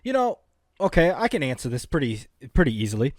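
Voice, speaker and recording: A man's voice: fairly high pitch, very animated, fairly quick, darkish tone, dry recording. Blunt, ranting man. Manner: dry, blunt punchlines, goes on rants. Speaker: podcast co-host. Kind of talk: casual comedic banter.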